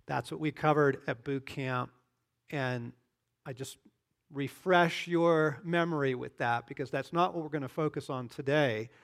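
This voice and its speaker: A male pastor preaching a conversational sermon, often checking in with "right?" and "okay?" and rising into animated bursts. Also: fairly high pitch, measured pace, gravelly.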